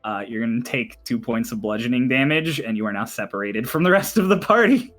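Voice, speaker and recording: Man, game master, slow descriptive narration, fillers, faint music. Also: medium pitch, expressive, a bit bright.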